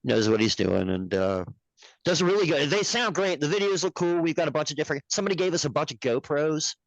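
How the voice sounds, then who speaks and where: A man's voice: on the high side, expressive, brisk, gravelly, no room sound, dull audio. A man who produces a puppet show, telling stories as a podcast guest in a rambling, profane, laughing way. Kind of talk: casual storytelling chat.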